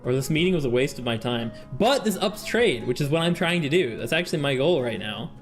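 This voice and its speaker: A man streaming a strategy game, excitable and laughing as he reads the game text aloud and reacts. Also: mid-range voice, a little fast, faint music behind. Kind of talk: game-playing commentary.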